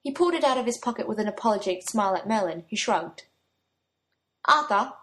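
A woman's voice: mid-range voice, animated, racing. Woman narrating a story aloud.

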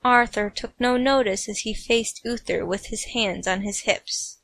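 A woman's voice: a little high, fairly even intonation, a little slow, hardly any pauses, a bit bright, no echo. A woman narrating a comic fan fiction story with playful, snarky asides.

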